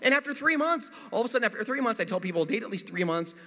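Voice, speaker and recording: A middle-aged man, a pastor, preaching a sermon with animated, funny storytelling in a church. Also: sits high, rapid-fire, big-room sound. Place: church sanctuary.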